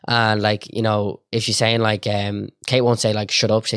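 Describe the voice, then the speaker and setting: Young Dublin man, guest on a podcast. Rapid, chatty delivery, lowish voice, close dry mic. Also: flat delivery, fairly bright tone, no room sound. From Ireland. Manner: quick and chatty, lots of fillers. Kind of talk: casual interview chat.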